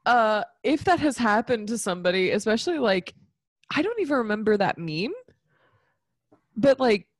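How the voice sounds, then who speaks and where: A woman's voice: a little high, very animated, normal speed, dry recording, clean studio sound. A woman co-hosting a casual chat, tipsy and rambling off on giggly tangents. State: tipsy from tequila. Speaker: podcast co-host.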